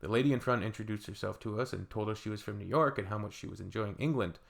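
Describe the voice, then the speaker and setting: A man's voice: on the low side, fast talker, creaky. A Canadian man hosting a reaction video, reading viewer comments aloud with dry, sarcastic asides.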